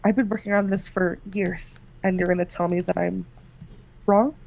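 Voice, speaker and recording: A woman's voice: lowish voice, fairly even intonation, normal speed, gravelly, darkish tone. Woman running a tabletop game. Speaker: game master.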